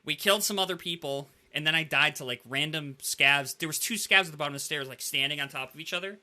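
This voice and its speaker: Animated man telling gaming stories. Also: on the high side, fast. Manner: animated storyteller, heavy use of "like". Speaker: podcast host. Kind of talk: casual gaming podcast chat.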